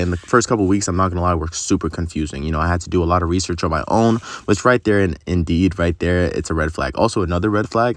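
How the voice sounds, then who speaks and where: A man's voice: low voice, no room sound, clean studio sound. A young man telling a long, rambling story in casual, profane vlog talk, full of fillers.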